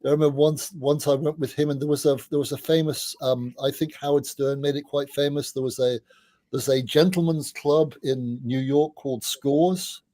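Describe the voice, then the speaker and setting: A middle-aged man, a podcast guest, telling anecdotes in a chatty way, often restarting his sentences and dropping in quick asides. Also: fairly high pitch, fairly even intonation, dark tone, no room sound. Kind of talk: casual anecdotal storytelling.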